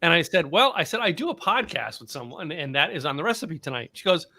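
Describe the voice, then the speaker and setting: A man co-hosting a podcast, telling animated stories with stumbles and restarts. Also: a little high, fast. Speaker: podcast co-host. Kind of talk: casual chat with storytelling.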